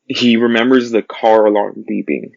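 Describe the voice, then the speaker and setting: A man giving an earnest casual film review, recounting scenes with pauses and restarts. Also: on the low side, little pitch movement, gravelly, no room sound, dull audio.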